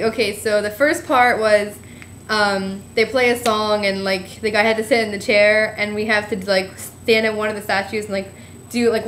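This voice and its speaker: A woman's voice: mid-range voice, fairly bright tone, reverberant, a little hiss or hum. A young woman from New Jersey telling a trip story in a giggly, rambling way, full of "like". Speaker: vlogger. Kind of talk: casual storytelling.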